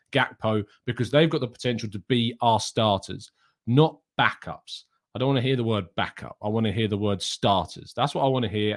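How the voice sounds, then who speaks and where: A man hosts a live question-and-answer stream, reading viewer messages aloud and answering each one. He talks in an opinionated, ranting way, often breaking off and restarting his sentences. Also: lowish voice. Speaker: host.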